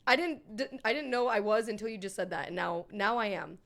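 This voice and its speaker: A woman chatting casually on a live stream, excitable and quick to swear and laugh. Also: mid-range voice, gravelly.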